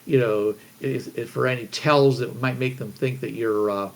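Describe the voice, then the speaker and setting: A man's voice: medium pitch, steady tone, moderate pace, gravelly. A man running a tabletop game as game master, rambling with many fillers and restarts.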